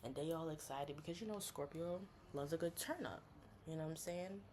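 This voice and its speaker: Slangy animated woman chatting. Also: brisk, slight background noise. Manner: animated, slangy, acts out friends in high voices. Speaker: astrology content creator. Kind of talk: casual chat.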